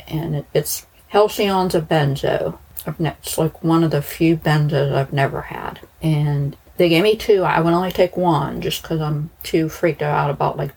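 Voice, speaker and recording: Low, husky woman, slightly slurred. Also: a little mellow, rough recording. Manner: rambling, chatty, frequent restarts and fillers. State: slightly slurred speech after dental surgery. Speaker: podcast host. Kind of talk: casual monologue.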